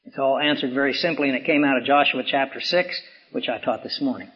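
A man preaching a sermon as pastor, hoarse from swollen tonsils, with emphatic rises and slow, dramatic drops. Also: medium pitch, steady tone. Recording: dull lo-fi recording.

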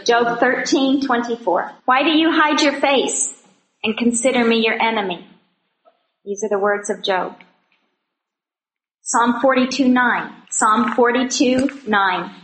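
A woman's voice: a little high, fairly bright tone, slight background noise. Woman teaching scripture in an echoey room. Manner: conversational, joking asides, earnest testimony. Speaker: Bible teacher at a women's gathering. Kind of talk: women's Bible study teaching.

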